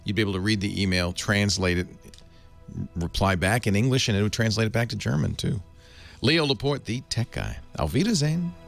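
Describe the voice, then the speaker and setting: A man's voice: on the low side, expressive, fairly quick, creaky, faint music behind. A man hosting a tech call-in radio show, talking casually and joking, with frequent laughs. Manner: playful, joking, laughs often.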